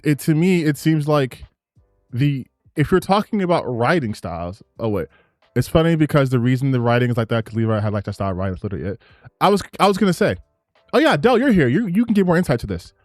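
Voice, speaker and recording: A man giving casual commentary on gaming clips, ranting in an excited, rambling way with frequent restarts. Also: medium pitch, fairly quick, dry recording, studio quality, faint music behind.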